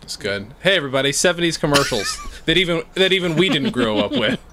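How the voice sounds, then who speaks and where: A man's voice: on the high side, quick pace, background noise. A man co-hosting a podcast over a video call, chatting playfully and riffing on jokes. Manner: playful, riffs on jokes, lively asides. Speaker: podcast co-host. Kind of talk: casual chat.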